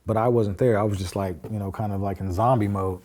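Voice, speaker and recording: Speaking fast in a lowish, steady, mellow voice, a man appears as a guest on a podcast, telling a story from his own life. He plays out the quoted exchanges himself, plain-spoken and heavy on fillers and swear words.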